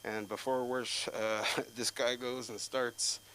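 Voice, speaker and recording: A young man performing stand-up at an open mic, spinning rambling stories full of swearing. His voice sits at a middle pitch and jumps to shouting when he gets worked up. A faint hum runs under the recording. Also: little pitch movement, takes it slowly, poor audio. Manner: profane, rambling storytelling with loud outbursts. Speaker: stand-up comic.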